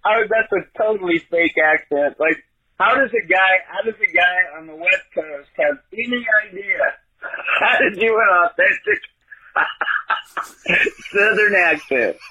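A man's voice: high voice, unhurried, pushed and bright, slightly rough, low-quality recording. A man from Oregon leaving a rambling, teasing voicemail for a podcast. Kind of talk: joking voicemail.

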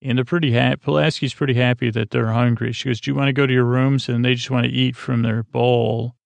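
Man, sleep podcast host, gravelly fry, dry close sound, rambling recap. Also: mid-range voice, little pitch movement, fairly quick, no room sound. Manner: meandering, drowsy, filler-heavy retelling.

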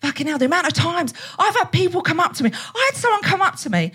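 A woman performing brash, sweary stand-up comedy on a theatre stage, telling stories fast to a live audience. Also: very high voice, sing-song, fairly bright tone.

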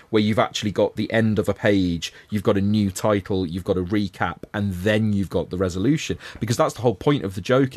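A man's voice: on the low side, darkish tone. A man with a Liverpool accent, talking through a cartoon in a casual podcast chat, analytical and full of restarts. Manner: analytical, many restarts and fillers. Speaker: podcast co-host.

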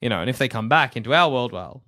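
A man co-hosting a comedy podcast, animated and laughing as he acts out bits. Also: medium pitch, quick pace. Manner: animated, laughing, acting out silly voices. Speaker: podcast co-host. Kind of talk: casual comedic chat.

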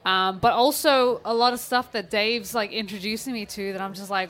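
Relaxed woman musician on a podcast. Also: medium pitch, moderate pace, few pauses. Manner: relaxed, enthusiastic, uses filler words. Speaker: musician guest. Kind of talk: casual live podcast chat.

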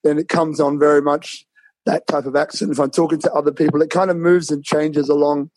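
A man from London with a London accent mixed with Australian, telling his life story as a guest on an interview show over a remote call, relaxed and laughing often. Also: fairly high pitch, brisk, no room sound, rough recording. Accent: London English mixed with Australian. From London, England. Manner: relaxed, laughs often, many fillers and restarts. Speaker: guest author. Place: home in Bali, remote call.

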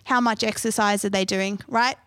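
A woman's voice: mid-range voice, fairly even intonation, moderate pace, a bit bright, dry recording, clean studio sound. An Australian woman giving a live healthy-eating workshop, chatty and conversational, often throwing rhetorical questions to the audience.

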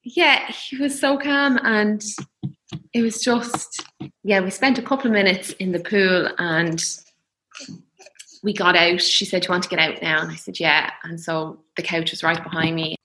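A young woman telling her birth story in a soft, reflective, emotional way. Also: lowish voice, steady tone, moderate pace, a little hiss or hum, rough recording. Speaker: guest.

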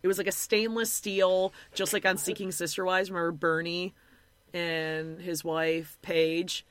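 A podcast co-host with a lowish voice recaps a reality show in casual conversation. She's animated and blunt, swearing freely and slipping into quick impressions, quoting other people in their own voices.

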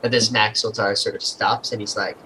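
A man narrating as game master in a relaxed manner, often hedging his words. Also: lowish voice, fairly quick, a little hiss or hum, low-quality recording.

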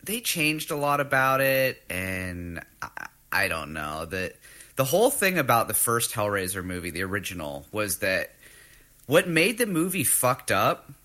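A man co-hosting a podcast, talking casually in a halting way that stops and restarts, with casual swearing. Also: lowish voice, very animated, pushed and bright. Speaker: podcast co-host. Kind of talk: casual chat.

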